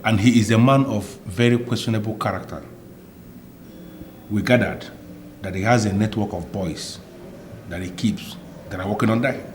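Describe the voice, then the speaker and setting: A man's voice: lowish voice, moderate pace, pauses often, a little hiss or hum, close to an everyday voice. A man with a Nigerian English accent playing a stern police officer who interrogates a witness in formal, threatening tones. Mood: reporting.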